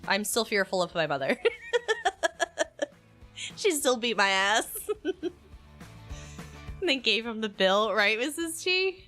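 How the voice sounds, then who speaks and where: Lively, bright-voiced woman telling stories. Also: on the high side, slow, long pauses, faint music behind. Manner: animated storytelling with laughter. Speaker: streamer co-host. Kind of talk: casual chat.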